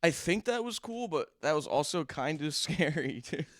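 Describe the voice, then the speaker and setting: A man's voice: fairly high pitch, sing-song, normal speed, a bit bright, no echo, studio quality. Joking Philly guy laughing on a podcast. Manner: joking, laughs often, swears freely. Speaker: podcast co-host. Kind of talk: casual chat. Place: studio.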